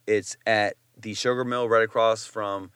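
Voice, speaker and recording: A man who is a chef chats as a guest in a casual interview. His voice is bright and close, and the room sounds dry and dead. He tells stories loosely, with plenty of slang and profanity. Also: on the low side, level tone, measured pace, smooth, no room sound.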